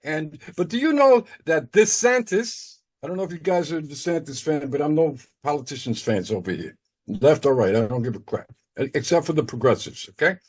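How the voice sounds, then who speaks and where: Rambling man with a lively voice. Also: brisk, slightly rough. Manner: rambling, repeats words, lively pitch. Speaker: participant in group call. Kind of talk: casual group discussion.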